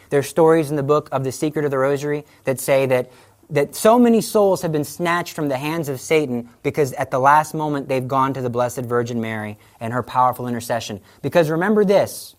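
A woman with a low voice gives a conversational talk on faith to an audience. She tells stories with animation and slips into the voices of the people she quotes. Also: a little mellow. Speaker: Catholic speaker on the rosary.

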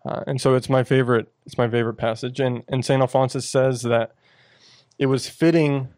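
A man co-hosting a casual talk about faith, earnest and halting, with many restarts. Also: mid-range voice, steady tone, darkish tone, no echo. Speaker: podcast co-host.

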